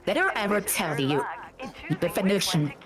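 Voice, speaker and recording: A woman's voice: lowish voice, sing-song, normal speed. A woman with a German accent, heard through a voice changer, teasing friends in casual gaming chat. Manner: teasing, joking.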